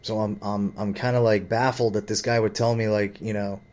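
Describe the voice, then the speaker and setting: A man's voice: fairly low pitch, little pitch movement, brisk, darkish tone. A man telling a rambling, profane story about his father and his boss, full of fillers and agitation. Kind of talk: rambling personal rant.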